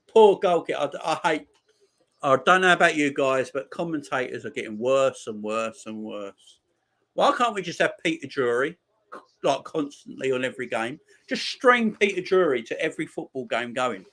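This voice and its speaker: A man's voice: fairly high pitch, expressive, moderate pace, fairly bright tone. A man in his forties giving chatty live football watchalong commentary and bantering with his chat. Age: 40s. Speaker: streamer.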